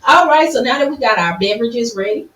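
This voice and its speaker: A woman's voice: on the high side, expressive, fast, fairly bright tone. A woman co-hosting a podcast, talking in a casual, candid and playful way. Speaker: podcast co-host. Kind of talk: casual chat. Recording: roomy, distant mic with faint noise.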